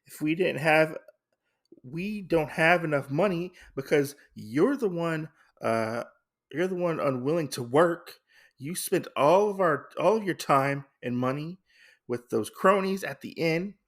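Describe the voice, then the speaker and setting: A hot-tempered, stubborn peasant woman, voiced by a man recapping a comic rises well above his usual pitch and speaks loudly. A gravelly creak runs through her defiance. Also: expressive, measured pace. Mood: angry. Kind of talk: podcast recap with voiced quotes.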